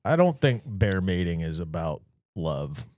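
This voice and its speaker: A man's voice: low voice, big pitch swings, a little slow, a little mellow, no echo, clean studio sound. A man co-hosting a podcast, telling laid-back anecdotes in casual chat. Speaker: podcast co-host.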